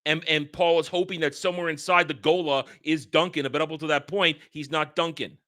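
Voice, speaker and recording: A man hosting a casual film discussion, animated and profane, rambling through his points. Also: on the high side, fairly quick. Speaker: podcast host.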